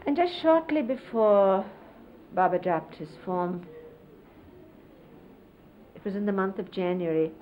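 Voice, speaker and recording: A middle-aged woman casually reminiscing, explaining hand gestures in an unhurried, conversational way and often quoting others. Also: mid-range voice. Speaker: interviewee recalling life with a spiritual teacher. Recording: lo-fi 1970s videotape, faint hiss.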